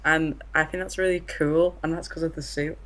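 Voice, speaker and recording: A man's voice: on the high side, flat delivery, normal speed, bright, forceful tone. A man co-reviewing a film in casual chat, giving short, hesitant replies.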